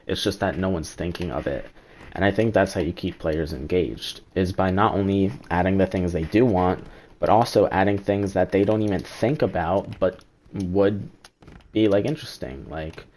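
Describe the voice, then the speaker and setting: A man's voice: deep voice, moderate pace, a little mellow. A man streaming a game, rambling through his opinions in casual chat and swearing now and then. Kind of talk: casual live-stream commentary.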